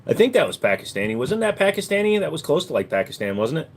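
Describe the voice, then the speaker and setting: A man's voice: fairly high pitch, very animated, fast, slightly rough. A man hosting a casual livestream, answering chat with crude, profane, mocking banter. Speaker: livestream host.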